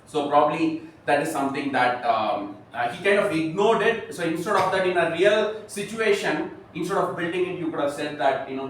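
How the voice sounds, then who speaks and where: A man giving a spoken speech evaluation at a club meeting, halting and full of fillers. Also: on the high side, lively intonation, a bit bright. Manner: halting, many fillers and restarts. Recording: echoey room, far from the mic, some noise.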